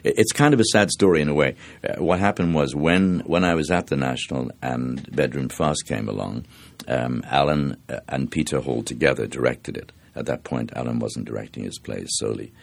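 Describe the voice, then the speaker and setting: Older Dublin actor, very low gravelly voice, anecdotal and unhurried. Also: male voice. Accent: Dublin, South Circular Road. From Ireland. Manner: reflective, anecdotal, with many restarts and fillers. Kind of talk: interview, storytelling.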